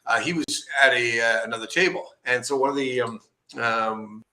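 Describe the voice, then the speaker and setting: A middle-aged man with a very bright, forward voice spins anecdotes in a relaxed interview. He gets animated, slips into the voices of the people he quotes and laughs often between lines. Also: mid-range voice, normal speed. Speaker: comic book artist guest. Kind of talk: casual interview storytelling.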